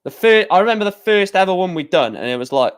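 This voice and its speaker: A man's voice: sits high, big pitch swings, fast, smooth. A young man hosting a casual livestream, reading out match scores and rambling and correcting himself as he goes. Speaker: livestream host.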